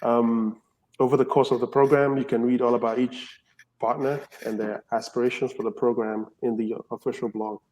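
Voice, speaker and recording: A man's voice: medium pitch, little pitch movement, moderate pace, a little mellow, poor audio. Chatty man giving team updates. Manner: chatty, leans on "you know" and "um". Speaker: team member presenting updates. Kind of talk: casual community call update.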